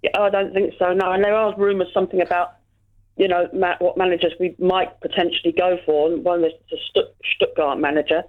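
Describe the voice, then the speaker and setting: A woman's voice: lowish voice, level tone, a little fast. A woman calling in to chat about football, hesitant and full of fillers. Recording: tinny phone line.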